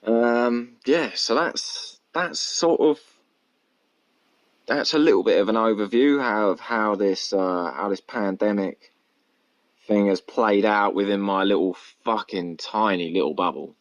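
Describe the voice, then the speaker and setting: A man's voice: on the low side, measured pace. A man hosting a casual solo podcast, rambling and candid, swearing constantly. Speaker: podcast host. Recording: dull lo-fi recording.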